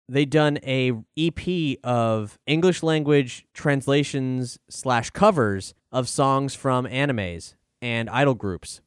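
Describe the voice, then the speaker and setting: A male podcast host talks through his outro in an easy, chatty way, dropping the odd filler as he goes. His voice is smooth and clear, recorded dry and close with no room sound. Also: mid-range voice, dry recording. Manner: relaxed, chatty recommendations with fillers.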